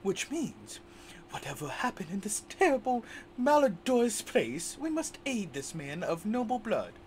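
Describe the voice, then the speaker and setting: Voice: mid-range voice, big pitch swings, unhurried, a little mellow, slight background noise. A player voicing a formal, noble-minded video game character in a grand manner.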